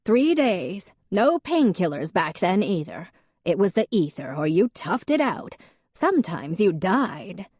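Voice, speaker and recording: A woman's voice: fairly low pitch, big pitch swings, measured pace, a little mellow, husky, no room sound, clean studio sound, exaggerated voice. A woman voicing an elderly, theatrical family grandmother in an audiobook. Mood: grand.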